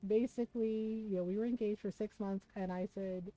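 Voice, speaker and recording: A woman's voice: mid-range voice, steady tone, brisk, dark tone, poor audio. A woman streamer chatting casually, telling a personal story to her viewers and often checking in with "right?". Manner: chatty, keeps asking "right?". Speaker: live streamer.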